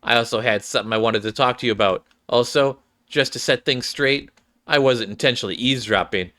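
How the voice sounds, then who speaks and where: A man reading the part of a brash, blunt young female fighter who scolds others and rushes to explain herself. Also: medium pitch, bright, forceful tone, natural voice. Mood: scolding.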